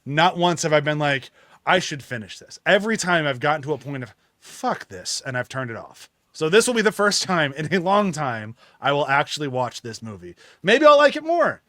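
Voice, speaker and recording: A man's voice: on the high side, animated, a little fast, a bit bright, no room sound, clean studio sound. A man co-hosting a casual movie podcast, laughing often and swearing casually as he recalls scenes. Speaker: podcast co-host.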